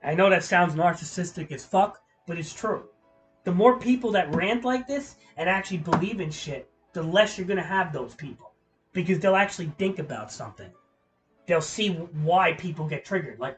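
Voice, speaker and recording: A man's voice: high-pitched, expressive, moderate pace, faint music behind, poor audio. A man livestreaming and ranting to his chat, profane, heated and opinionated, rambling with restarts. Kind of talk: live-stream ranting to chat.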